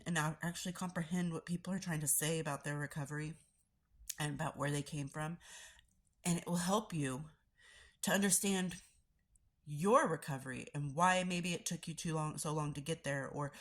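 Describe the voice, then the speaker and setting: Congested woman with a low voice, earnest casual reflection, stammers and repeats herself. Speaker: recovering addict sharing daily reflection.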